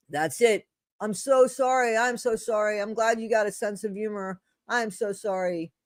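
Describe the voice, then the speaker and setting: A woman's voice: fairly high pitch, no echo. A woman hosting a casual livestream, reading a blog aloud and answering her live chat in a chatty, apologetic way. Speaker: livestream host. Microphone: streaming setup mic.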